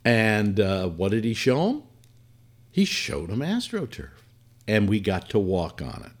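Animated older man spinning radio stories. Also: fairly low pitch, unhurried. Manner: rambling with frequent fillers and restarts, colorful asides. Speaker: former radio host reminiscing. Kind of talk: casual storytelling monologue.

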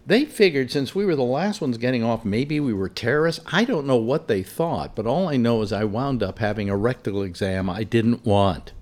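Animated man telling a story. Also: mid-range voice, normal speed, few pauses. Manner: animated, exasperated, many restarts. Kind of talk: casual anecdote told aloud.

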